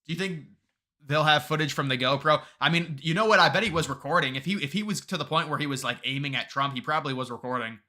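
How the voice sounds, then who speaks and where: A man hosting a live stream has a very bright, sharp-edged voice that sits a little high and moves at a quick pace. He rambles loosely with his viewers, greeting them and reading their comments aloud as he answers. He often trips over his sentences and starts them again.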